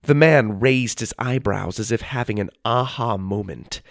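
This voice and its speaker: A man reading a children's story aloud as narrator, in an expressive storytelling manner. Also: mid-range voice, measured pace, gravelly, no room sound, studio quality.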